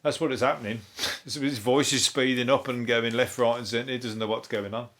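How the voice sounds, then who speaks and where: Hosting a comedic review of the news, this Birmingham-accented comedian rambles along, swears freely and laughs at his own jokes, now and then slipping into quick silly impressions. His voice sits at an everyday middle pitch, with a steady and fairly bright tone.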